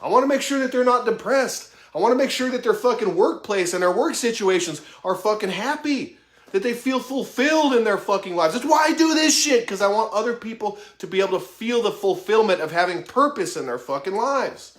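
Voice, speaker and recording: A man's voice: sits high, animated, brisk, echoey room. A man in his thirties giving an impassioned motivational monologue, swearing heavily in a raw, emphatic way. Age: 30s. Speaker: vlogger.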